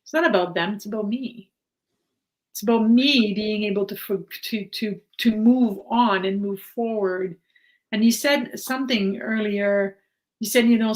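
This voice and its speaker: A middle-aged woman, a mindset coach, talking reflectively as a podcast guest, animated at times, with frequent restarts. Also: mid-range voice, poor audio. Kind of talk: casual conversation.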